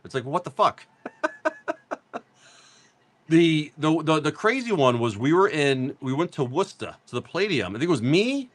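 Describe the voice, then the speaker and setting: A man's voice: medium pitch, a bit bright. Rambling, swearing middle-aged man. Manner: rambling, profane storytelling, laughs often. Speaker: live-stream card seller. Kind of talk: casual live-stream chat.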